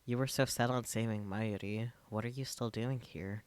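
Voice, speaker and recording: An earnest young woman scientist pressing with worried questions, read by a man in a low, plain voice. She sounds much like the reader himself. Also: fairly even intonation, normal speed, clean tone, close to an everyday voice. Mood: pleading. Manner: pleading, questioning. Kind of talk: reading a visual novel aloud on stream.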